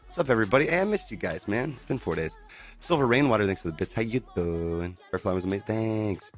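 A man's voice: lowish voice, expressive, fast. A man in a casual livestream chat at home, greeting viewers in a laid-back, upbeat way and saying "dude" and "man" a lot. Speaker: livestreamer and band singer. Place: at home indoors.

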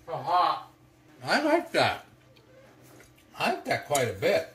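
A man's voice: on the high side, huge pitch swings, slow pace, fairly bright tone. A middle-aged man hosting a casual cooking vlog, chatty and folksy, poking fun at himself. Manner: chatty, folksy, self-deprecating. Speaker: cooking vlogger.

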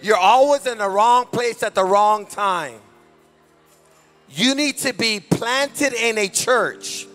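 A man preaching a fervent deliverance sermon as pastor at a church service, shouting commands. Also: high-pitched, expressive, slow, soft background music.

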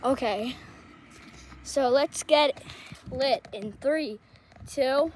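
A woman's voice: sits high, extremely slow. A woman vlogging chattily while running through her neighborhood, out of breath and exclaiming between lines. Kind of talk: casual vlog commentary while running. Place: outdoors on neighborhood streets. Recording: loud outdoor background noise.

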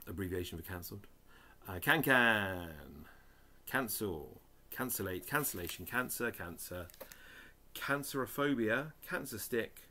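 A man's voice: on the low side, a bit bright. A man reading dictionary headwords aloud one by one, adding muttered, dry asides. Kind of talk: casual reading of word lists.

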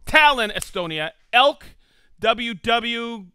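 On a casual live stream, a male host talks at a measured pace in a high, expressive voice that is bright, forceful and smooth. The recording is dry. Upbeat and jokey, he reads out where viewers are from and banters with his crew.

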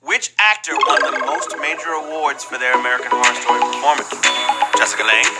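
A man's voice: medium pitch, fast, loud music behind the voice, rough recording. A man hosting a live trivia game show, playful and joking between questions and exclaiming often.

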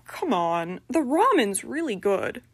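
A woman's voice: medium pitch, sing-song, takes it slowly, no room sound, heavily acted. A woman voicing an exasperated young man. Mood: resigned. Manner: casual, exasperated.

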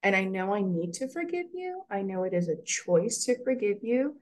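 A mother in midlife speaks with raw emotion in a casual chat. She stumbles and repeats herself as she talks. Her pitch sits in a middle range for a woman. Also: lively intonation, a little mellow, a little hiss or hum. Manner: halting, repeats words, emotional. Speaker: mother sharing her story.

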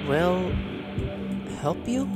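A man's voice: high-pitched, lively intonation, very slow, loud music behind the voice. A man doing let's play commentary, exclaiming and swearing at what happens on screen. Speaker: gaming YouTuber.

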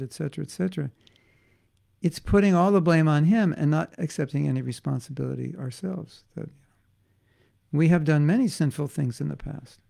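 A middle-aged spiritual teacher leads a devotional class, keeping things loose, conversational and full of jokes. His voice is a bit high for a man, carries a steady gravelly fry, and moves at a normal speed.

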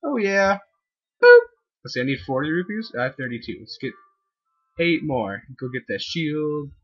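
A man giving let's-play commentary, excitable, whooping and yelling at the game in a husky voice. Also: a little high, moderate pace, muffled recording, faint music behind. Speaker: gamer playing a video game.

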